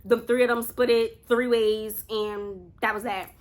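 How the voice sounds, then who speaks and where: A woman's voice: on the high side, fairly even intonation, unhurried. A young woman telling a casual storytime to her viewers, chatty and talking straight to them. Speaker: vlogger.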